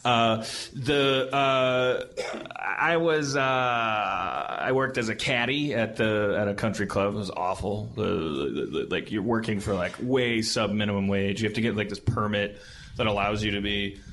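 Casting: man in his 30s, low voice, hesitant rambling comic host, faint noise in the background. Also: a bit bright. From United States. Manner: halting, hesitant, self-correcting. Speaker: podcast host. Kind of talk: rambling comedic talk.

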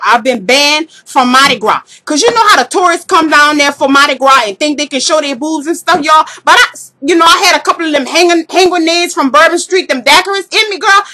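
In a comedy vlog, a woman with a Southern US accent plays her brash, gossipy, jealous party-girl alter ego. Her high voice is pushed and bright as she sasses, trash-talks and uses slang.

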